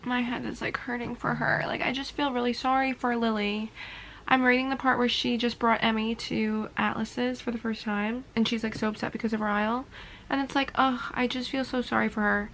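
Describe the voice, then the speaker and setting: A young woman with a fairly high voice talks through a book as she reads it, reacting with strong feeling and leaning on "like" all the time. She is in a casual reading vlog, recorded in a room at home with a faint hum of ambience behind her. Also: level tone, fairly quick, a bit bright, poor audio. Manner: emotional running reactions full of "like". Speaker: book vlogger.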